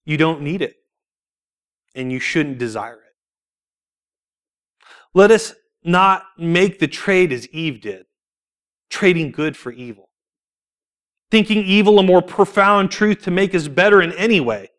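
A man's voice: high-pitched, measured pace, long pauses. A man preaching a sermon in a church, telling personal stories with rhetorical questions and laughing between points. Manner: animated storytelling with rhetorical questions.

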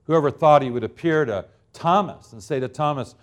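Emphatic preaching man, slightly high voice. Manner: emphatic preaching with dramatic swings between loud and soft; drawn-out, deliberate phrasing on key words. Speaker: pastor. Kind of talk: sermon.

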